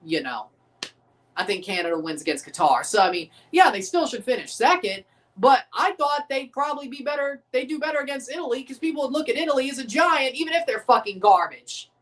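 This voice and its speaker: This livestream watchalong host has a very high-pitched, animated voice, talking fairly quickly with a slightly bright tone. He rants profanely and repetitively while reacting to live sports, and the distant recording leaves him a bit off the mic.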